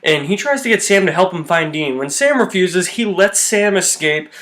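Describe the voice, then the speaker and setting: A man's voice: high voice, expressive, normal speed, a bit bright. A man giving a casual, chatty recap and review of a TV episode with loose, informal language.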